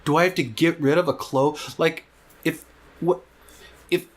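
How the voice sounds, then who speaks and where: A man co-hosting a comedy podcast, chatting casually and landing deadpan punchlines. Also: on the high side, measured pace. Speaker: podcast co-host.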